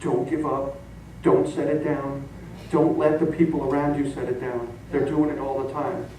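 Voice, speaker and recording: A middle-aged man preaches a sermon made of stories, laughing along as an animated storyteller. This pastor has a medium-pitched voice at a moderate pace, and the recording, made from far off in an echoey church sanctuary, carries a little hiss or hum.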